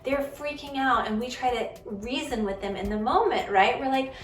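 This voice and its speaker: Recorded far from the mic in an echoey room with faint music, a woman in her thirties talks to camera on her parenting show. Her voice is high-pitched at a normal speed as she earnestly and conversationally explains how to handle kids' feelings, voicing the children and parents she quotes.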